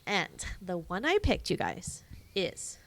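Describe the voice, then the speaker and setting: A woman co-hosting a podcast, chatting casually in a quiet, dry way that trails off. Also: on the low side, sing-song, slow pace, slight background noise. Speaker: podcast co-host. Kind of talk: casual chat.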